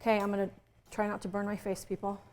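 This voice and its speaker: A woman's voice: medium pitch, completely flat delivery, fast, darkish tone, slight background noise. A woman chef teaching a recipe in a kitchen, chatty and playful with jokey asides. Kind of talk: casual home cooking demonstration.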